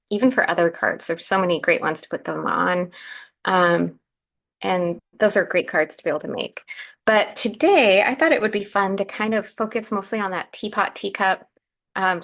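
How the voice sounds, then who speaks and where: Gravelly-voiced woman hosting a craft livestream. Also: fairly low pitch, a bit bright. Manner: chatty, narrating each step as she works. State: groggy morning voice. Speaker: craft show host. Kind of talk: live crafting demonstration.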